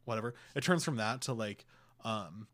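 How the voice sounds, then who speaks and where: A man's voice: fairly low pitch, moderate pace, a bit bright, dry recording. A man co-hosting a podcast, chatting casually in a rambling way with lots of fillers. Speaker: podcast co-host. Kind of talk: casual chat.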